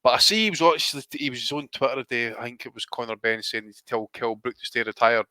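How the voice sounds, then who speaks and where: A man's voice: mid-range voice, quick pace, pushed and bright, no echo. A man co-hosting a podcast, blunt and sweary, mocking the people he talks about in casual banter. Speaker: podcast co-host.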